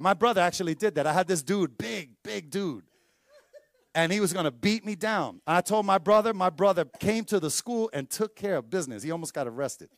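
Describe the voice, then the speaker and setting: A man preaching a sermon as pastor, telling stories with lively acted-out voices and dropping to a hushed tone for emphasis. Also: sits high, brisk, no room sound. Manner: animated storytelling preacher, acts out voices in anecdotes.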